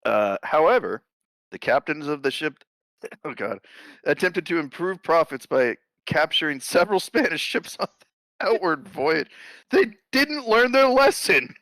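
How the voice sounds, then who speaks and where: A man's voice: fairly high pitch, normal speed, no room sound. A man co-hosting a comedy history podcast, reading the story and riffing on it with swearing and frequent laughter. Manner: animated, swearing, laughing often. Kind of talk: casual comedic history chat.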